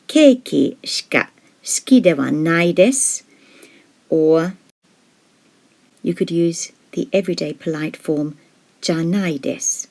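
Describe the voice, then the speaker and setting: A woman teaching a language lesson in a measured, explanatory way, slowing down to model example words. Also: sits low, expressive, dark tone. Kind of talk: scripted lesson narration.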